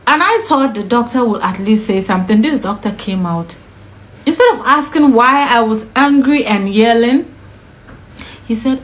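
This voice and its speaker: A woman's voice: on the high side, animated, normal speed, slight background noise, rough recording. A woman vlogger telling a personal story to camera in an indignant, emphatic way, firing off repeated questions.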